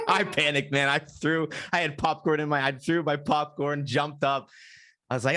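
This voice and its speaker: Young man telling an animated story. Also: fairly high pitch, moderate pace. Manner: animated storyteller, acts out his own panicked reactions. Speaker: podcast host. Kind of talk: casual chat.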